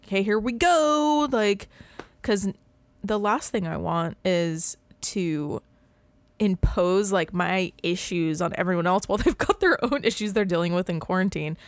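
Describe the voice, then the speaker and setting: A woman in her thirties chatting casually as a podcast co-host, rambling, filling her talk with "like" and breaking into quick laughs. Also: fairly low pitch, no room sound. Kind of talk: casual chat.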